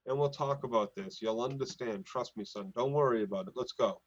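A man's voice: medium pitch, brisk, slightly rough, lo-fi sound, lightly acted. A man mimicking a cold old male lord who brushes things off in a breezy, dismissive tone.

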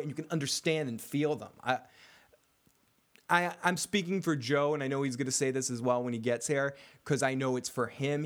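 A man co-hosting a casual recap podcast, talking excitedly, swearing and often restarting his sentences. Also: medium pitch. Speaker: podcast co-host.

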